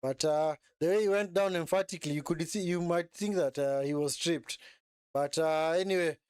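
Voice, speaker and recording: Here a man runs live football commentary and chat on his stream, full of excitement, recycling phrases and ending lines with a quizzical "eh?". At normal speed, his somewhat high voice sounds smooth and clear. There's no echo; the audio is close and dry.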